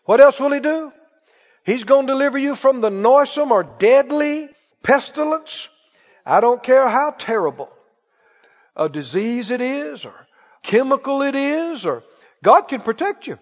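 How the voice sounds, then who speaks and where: A man's voice: very high voice, expressive, measured pace. A male preacher delivering a sermon, exhorting and quizzing his congregation. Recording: dull lo-fi, echoey hall.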